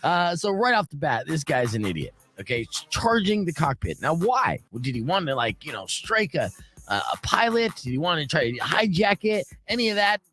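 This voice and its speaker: Brief: male morning radio host, lively up-and-down pitch, jokey storytelling, faint music under. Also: moderate pace.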